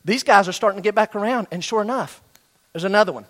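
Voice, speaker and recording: A middle-aged man with a fairly high voice delivers a sermon. He tells a story with energy and switches into the voices of students and their coach as he goes. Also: fast, fairly bright tone. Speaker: pastor.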